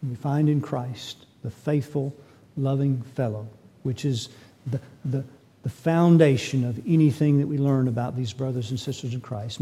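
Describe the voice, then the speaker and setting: A man's voice: medium pitch, dark tone, breathy edge. A man preaching a sermon as pastor, emphatic and full of rhetorical questions.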